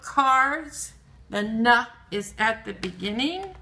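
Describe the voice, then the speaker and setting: Woman teacher, gravelly bright voice, unhurried phonics lesson, drawing out each sound. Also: on the high side, animated. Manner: slow, drawn-out sounding out of letter sounds. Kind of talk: early reading lesson for children.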